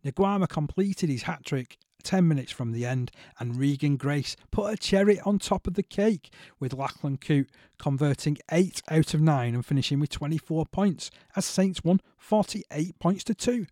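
A man's voice: a little high, animated, normal speed, dark tone, dry recording, studio quality. A man hosting a podcast, chatting casually about sport and often checking for agreement with tag questions. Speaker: podcast host.

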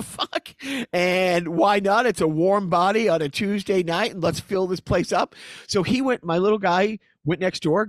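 Man, middle-aged, high voice, dry close sound, casual storytelling, animated, laughing. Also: dry recording. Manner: animated, laughing, acts out quotes. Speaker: comedian.

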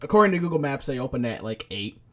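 A man's voice: medium pitch, sing-song, fast, pushed and bright. A man co-hosting a podcast, telling rambling casual stories and swearing freely. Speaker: podcast co-host. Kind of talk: casual chat.

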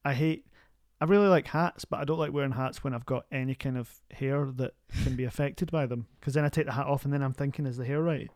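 A man's voice: mid-range voice, fairly even intonation, fast talker, hardly any pauses, darkish tone, dry recording. A man, an actor, chatting casually with a dry, self-deprecating wit. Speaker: actor, podcast co-host. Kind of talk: casual chat.

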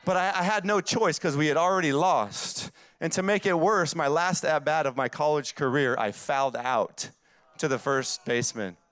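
A man's voice: on the high side, moderate pace, fairly bright tone, no room sound, studio quality. A man in his forties with a Southern accent, preaching a sermon with emphatic, repeated phrases that build up. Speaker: pastor.

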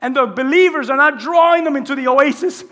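A man preaching from the pulpit with a strikingly high voice that lingers in a long church reverb. He throws questions out to the congregation, moving between calm teaching and fervent, raised preaching. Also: brisk. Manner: asks the congregation call-and-response questions; swings between quiet teaching and loud impassioned preaching. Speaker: pastor. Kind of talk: sermon.

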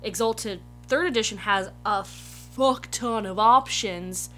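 A woman in casual chat about a tabletop game she plays, talking in quick restarts. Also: medium pitch, a bit bright, soft background music. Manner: chatty, self-correcting restarts. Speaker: player.

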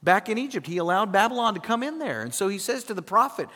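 A man preaching a sermon to a congregation, animated, checking in with his listeners as he goes. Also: high voice, fast. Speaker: pastor. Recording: long hall reverb.

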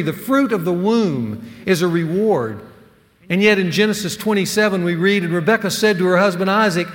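A man preaching a sermon to men, earnest and emphatic, with dramatic pauses. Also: a little high, a bit bright. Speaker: pastor teaching a men's series. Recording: long hall reverb.

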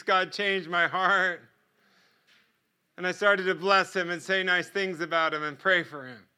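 Brief: American male preacher, higher voice, very bright and ringing tone, storytelling testimony style. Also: smooth. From United States. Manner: vivid storyteller who acts out dialogue and laughs often. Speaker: guest preacher.

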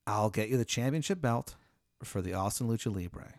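A man's voice: on the low side, expressive, moderate pace, no room sound, studio quality. A man doing a pushy wizard with a bad Maryland accent. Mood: pressing. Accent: bad put-on Maryland accent. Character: pushy male wizard with an awful local accent.

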